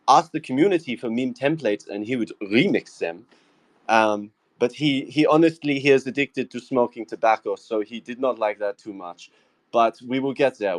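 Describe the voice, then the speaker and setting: A man faking a French accent as a lonely, tobacco-loving AI meme agent, halting with many fillers and broken English phrasing. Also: medium pitch, no echo, close to an everyday voice. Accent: French (put on). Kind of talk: casual group call.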